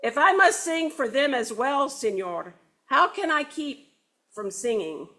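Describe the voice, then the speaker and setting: Brief: woman playing a stubborn storybook rooster, high and sing-song, very lively. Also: measured pace, exaggerated voice. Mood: earnest. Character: merry stubborn little male rooster. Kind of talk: storybook read-aloud.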